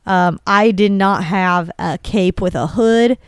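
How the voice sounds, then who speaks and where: A woman's voice: medium pitch, slow pace, smooth. A woman co-hosting a podcast in casual chat, talking loosely with lots of fillers and easy laughs. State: sore neck from character acting. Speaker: podcast co-host.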